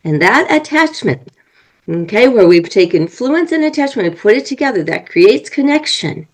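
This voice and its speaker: A marriage and family coach appears as a guest on an interview podcast, explaining earnestly and working through examples. Her voice is a little high with big pitch swings at normal speed, over a rough recording.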